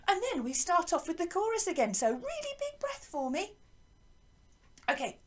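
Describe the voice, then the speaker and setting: A woman's voice: extremely high pitch, big pitch swings, moderate pace, pauses often. A woman teaching a singing lesson to schoolchildren, explaining each step patiently and encouragingly.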